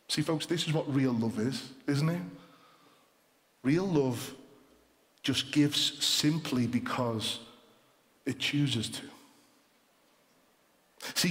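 A man preaching a sermon as pastor, emphatic and repetitive, slowing down to stress key words. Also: on the high side, a bit bright. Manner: emphatic, repeats points, slows for stress. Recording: long hall reverb.

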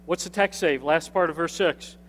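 High-voiced male pastor in echoing sanctuary. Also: normal speed, fairly bright tone. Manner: conversational, repeats phrases, asks the congregation to respond. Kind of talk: sermon. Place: church sanctuary with a screen. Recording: long hall reverb from a sanctuary.

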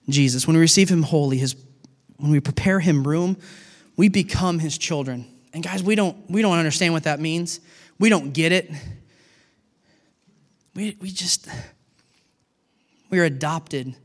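A middle-aged man preaching a sermon as a pastor, animated and acting out little dialogues with God. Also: fairly high pitch, a little slow, pauses often, big-room sound.

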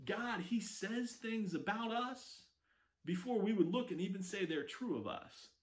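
A man preaching a sermon, telling stories with lively acted-out quotes. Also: high voice. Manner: animated storytelling with acted quotes. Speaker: pastor.

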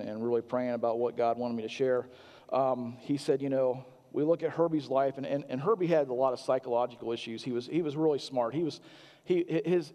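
A male pastor preaching a sermon in a halting, earnest way, full of restarts and fillers. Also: medium pitch, dark tone, long reverb tail.

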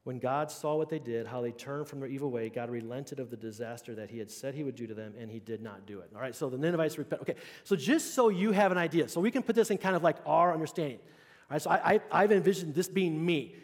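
A man's voice: a little high, quick pace. A man preaching a sermon to his congregation in a chatty, conversational way, often asking whether they are following along. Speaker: pastor. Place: church sanctuary. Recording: long hall reverb.

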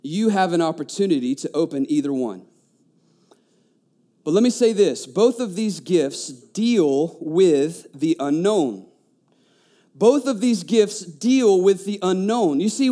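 A man, preaching a conversational sermon, telling stories with lively stammering restarts. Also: high voice. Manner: animated storytelling, stammering restarts. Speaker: pastor.

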